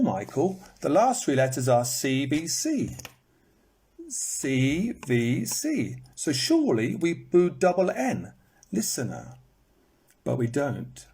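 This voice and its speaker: A man's voice: fairly high pitch, a little mellow, slightly rough. A man teaching in a live online lesson, repeating words to show their stress and breaking into bits of song, recorded on a phone. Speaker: English teacher.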